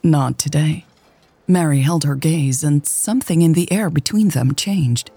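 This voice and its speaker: A woman narrating a romance story in a calm, even storytelling voice. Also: sits low, normal speed, breathy edge. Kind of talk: scripted audiobook narration.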